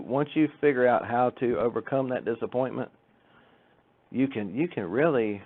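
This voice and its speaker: A man giving an informal church talk, chatty and joking, acting out the people in his stories. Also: mid-range voice. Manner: chatty storytelling with jokes and acted-out quotes. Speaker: church speaker. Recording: tinny phone-like sound.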